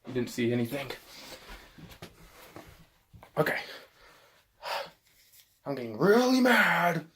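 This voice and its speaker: A man vlogging casually, excitable and swearing, talking to himself and his dog. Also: on the high side, measured pace, a little hiss or hum. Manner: excitable, swears, yelps and shouts at misses. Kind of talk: casual self-talk while filming.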